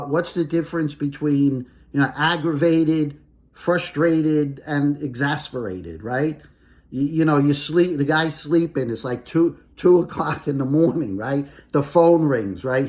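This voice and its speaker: Heated man ranting about markets. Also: fairly high pitch. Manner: heated, emphatic, repeats "okay?" and "all right?". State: angry. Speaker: market commentator. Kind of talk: casual ranting monologue.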